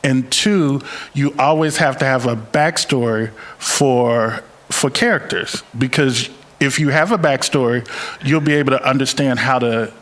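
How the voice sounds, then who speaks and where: A man talking casually on a live panel, playful and animated as he tells his stories. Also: medium pitch, a little slow.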